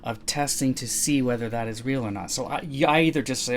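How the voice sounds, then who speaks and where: A man's voice: medium pitch, brisk, a little hiss or hum. A man co-hosting a casual podcast, rambling and restarting as he explains an idea and acts out bits of dialogue. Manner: rambling, self-correcting, acts out quoted dialogue. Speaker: podcast co-host.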